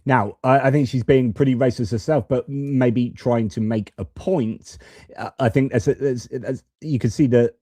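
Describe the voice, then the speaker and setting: A man talks through news footage, stopping and restarting with plenty of ums and ahs. His voice sits mellow and dark, recorded dry and close. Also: mid-range voice, steady tone, unhurried, no room sound. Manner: hesitant, many fillers and restarts. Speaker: political commentator. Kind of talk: casual commentary over news clips.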